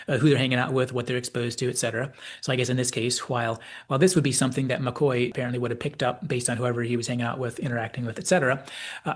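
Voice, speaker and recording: A man's voice: medium pitch, breathy edge. A man giving a thoughtful, digressive analysis of a television episode, hedging often. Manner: thoughtful, digressive, with many hedges. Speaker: channel host, commentator.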